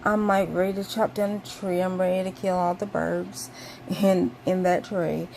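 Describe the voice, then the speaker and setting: A woman's voice: fairly low pitch, level tone, normal speed, vocal fry, darkish tone, slight background noise. A woman vlogger casually telling a personal story to camera, with lots of "um" and "like" and bursts of exaggerated indignation.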